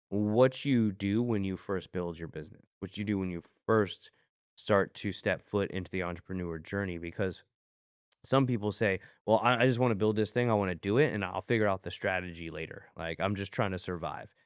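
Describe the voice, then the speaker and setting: A man's voice: lowish voice, clean tone, dry recording, clean studio sound. A man co-hosting a business podcast, talking casually and reflectively, coaching with rhetorical questions. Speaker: podcast co-host, clinic business owner.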